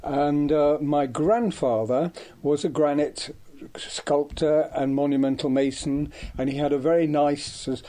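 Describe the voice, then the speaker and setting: A man's voice: a little high, fairly even intonation, unhurried, warm tone. An older man from Devon, a guest reminiscing about his life, hesitant and full of ums and restarts. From Devon, England. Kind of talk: reminiscing conversation.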